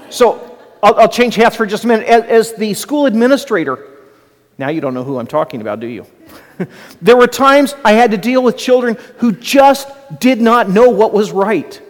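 Middle-aged pastor guy preaching, fairly high voice, chatty teaching style, long echo off the hall. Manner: conversational teaching with asides and laughs. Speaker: pastor and school administrator. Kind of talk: sermon.

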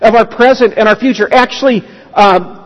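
A man with a high voice preaches a sermon in a church sanctuary. He tells stories in a loose, conversational way, often restarting phrases. The sound is dull and lo-fi, with a long reverb trailing his words. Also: moderate pace. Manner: conversational storytelling with frequent restarts. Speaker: pastor.

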